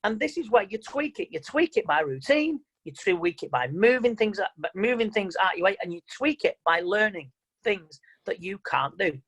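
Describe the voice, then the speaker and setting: A man's voice: sits high, big pitch swings, moderate pace, a bit bright, poor audio. A man giving an online motivational seminar as a mind coach, talking in an emphatic, plain-spoken and repetitive way over a video call.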